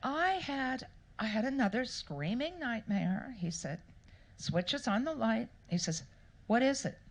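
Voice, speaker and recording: A woman author with a husky, breathy voice spins anecdotes for a live audience. Her pitch swoops widely and playfully, and she takes her time over each phrase. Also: measured pace. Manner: animated, playful storyteller who acts out quotes. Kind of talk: storytelling interview answers. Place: live Q&A event before an audience.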